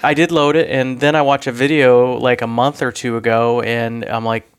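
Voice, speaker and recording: A man's voice: mid-range voice, little pitch movement, moderate pace, clear, resonant tone, no echo. A man co-hosting a casual gaming podcast, easygoing and agreeable. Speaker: podcast co-host. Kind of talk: casual chat.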